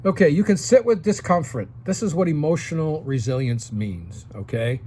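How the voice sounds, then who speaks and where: A man's voice: a little high, animated, normal speed, mellow, slight background noise. A man in his sixties giving casual advice to seniors straight to the camera, coaching and often checking in with "okay?". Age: 60s.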